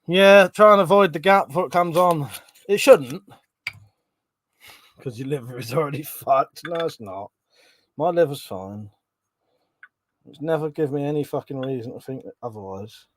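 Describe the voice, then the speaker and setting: A man's voice: on the high side, moderate pace, long pauses. A middle-aged man hosting a casual live stream, swearing freely, laughing often and chatting about viewers' comments.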